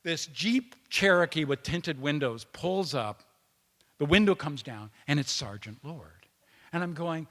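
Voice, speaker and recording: A man's voice: on the high side, lively intonation, a little slow, fairly bright tone. A man speaking at a peace conference, telling personal stories in a conversational way, with restarts and quoted dialogue. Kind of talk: personal storytelling speech. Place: conference hall. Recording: long reverb of a hall.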